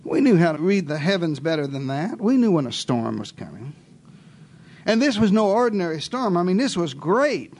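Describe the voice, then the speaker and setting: A man with a notably high voice delivers a sermon as a first-person story, speaking as one of the disciples. He moves between quiet, confiding asides and bold, raised lines, often turning to the listeners with questions. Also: very animated, normal speed. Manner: theatrical, shifting between hushed asides and raised exclamations; addresses listeners directly with rhetorical questions. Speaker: preacher.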